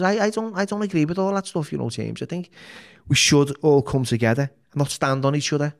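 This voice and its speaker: A middle-aged man, a podcast guest talking candidly, bluntly and full of swearing, often restarting his sentences. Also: on the high side. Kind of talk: candid interview talk.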